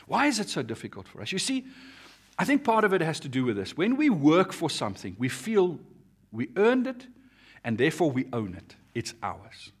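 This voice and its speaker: A male pastor delivers an earnest sermon, his pitch sitting a little high and moving a lot as he pushes toward each point. His voice is husky, and his volume swells and falls as he leans into the message. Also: wildly swooping pitch, normal speed. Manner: earnest preaching, rises and drops in pitch and volume.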